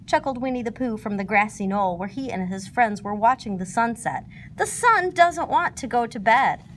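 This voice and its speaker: A woman reads a children's storybook aloud. Her voice sits fairly high and moves in lively, expressive curves. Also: a little hiss or hum. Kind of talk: reading a children's book aloud.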